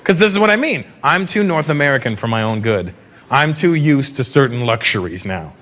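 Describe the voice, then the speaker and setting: A man's voice: medium pitch, animated, brisk. A man in his fifties from Canada, telling profane stand-up stories on a theater stage. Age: 50s. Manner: brash, profane storytelling. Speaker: stand-up comedian. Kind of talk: stand-up comedy set. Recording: live stage mic with loud crowd. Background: audience laughter and applause.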